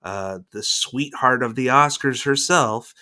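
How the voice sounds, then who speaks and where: Male podcast host, casual rambling storyteller, middle pitch. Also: measured pace. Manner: rambling storyteller, lively quoted voices. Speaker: podcast host, former celebrity news producer. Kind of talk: casual chat.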